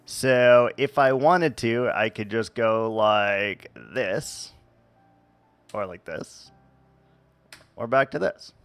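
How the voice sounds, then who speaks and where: A male streamer chatting over his gameplay in a loose, joking, meandering way. He speaks at an unhurried, drawn-out pace with an average-pitched voice. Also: clear, resonant tone, no echo, soft background music. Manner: playful, rambling, jokey. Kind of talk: live game stream commentary.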